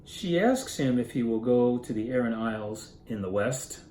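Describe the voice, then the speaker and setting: Guy walking thru a story, earnest and musing, mellow voice, echoey room w/ faint hum. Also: medium pitch, expressive, normal speed. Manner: earnest, musing, with self-corrections. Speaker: literature reader explaining a story. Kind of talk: informal story summary and commentary.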